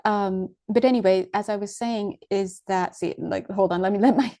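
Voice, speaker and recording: A woman with a mellow, warm voice gives a loose, casual spiritual talk to her viewers. She rambles, trails off and restarts her sentences, and breaks into giggles often. Her pitch sits in an ordinary middle range. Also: fairly even intonation, normal speed. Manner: giggly, laughs often between phrases. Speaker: spiritual teacher.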